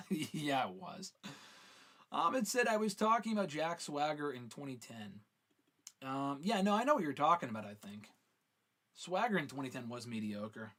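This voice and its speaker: An animated man hosts a live question show, his pitch swinging widely as he chats. He reads fan questions aloud and answers with casual swearing, in a voice sitting a little above the usual male range. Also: moderate pace.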